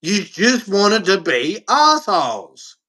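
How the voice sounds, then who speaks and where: A man's voice: high voice, wildly swooping pitch, takes it slowly, pushed and bright. A man with an Australian accent, ranting bluntly and angrily to camera in a profane vlog monologue. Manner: blunt, angry and profane, with heavy emphasis. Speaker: vlogger.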